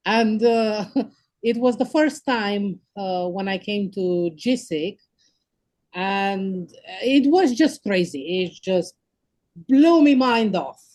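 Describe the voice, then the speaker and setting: Gushing Romanian-accented woman, unhurried. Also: mid-range voice, lively intonation, darkish tone. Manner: gushing, exclamatory, searching for words. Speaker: conference attendee. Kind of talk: enthusiastic casual testimonial.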